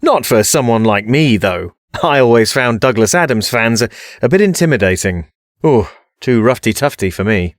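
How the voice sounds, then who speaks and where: A man's voice: medium pitch, lively intonation, normal speed, dry recording, studio quality. A man hosting a scripted comedy podcast in a wry, theatrical way.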